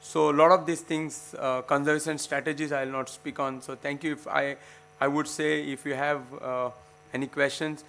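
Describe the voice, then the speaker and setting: A middle-aged man with an Indian English accent lectures a room of students, his voice pitched a little high and carrying a gravelly edge. He talks with urgency, pushing out quick emphatic bursts and then trailing off with filler words. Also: little pitch movement, fairly bright tone. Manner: impassioned, emphatic, rapid bursts with frequent fillers. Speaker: guest lecturer and researcher.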